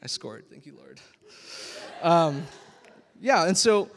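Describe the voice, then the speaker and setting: A youth pastor and worship leader in his 20s gives a casual sermon, rambling and chatty, packed with fillers and frequent laughter. His voice is on the high side and expressive, and he takes it slowly. A long hall reverb surrounds the recording.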